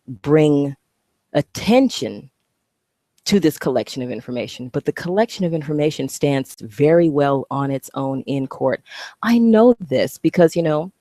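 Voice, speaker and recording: Woman ranting into her cam, cusses a lot, sarcastic and animated, dry room sound. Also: low-pitched, dry recording. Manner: animated, profane, sarcastic, acts out voices. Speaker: vlogger. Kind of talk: casual ranting monologue.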